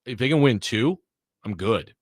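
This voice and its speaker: A man's voice: mid-range voice, expressive, normal speed, no echo. A man from Chicago, an in-studio guest, giving confident, emphatic football analysis in casual sports radio talk. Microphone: studio mic.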